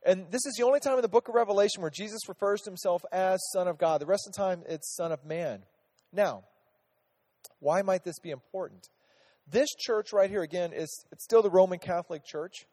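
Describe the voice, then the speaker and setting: A man's voice: high-pitched, brisk, mellow, in a large hall. A man teaching a casual Bible lesson to a group, chatty, asking them questions and restarting his sentences often.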